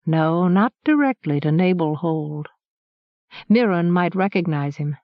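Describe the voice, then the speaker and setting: A woman narrator voicing a shrewd middle-aged male master harper, measured and thoughtful, on a dull lo-fi audiobook recording. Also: fairly low pitch, animated, no room sound.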